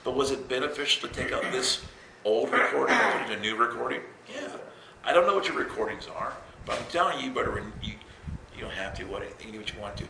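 Man, preacher, sermon, gravelly, forceful, joking storyteller, echoey hall. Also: mid-range voice, quick pace. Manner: storytelling, conversational, self-mocking humor. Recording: roomy echo with faint noise.

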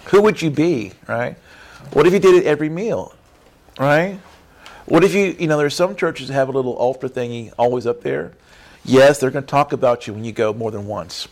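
A man preaching a lively sermon, acting out churchgoers in quick character voices and tagging lines with "right?". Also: mid-range voice. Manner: acts out church members in character voices, says "right?" often. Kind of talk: animated sermon.

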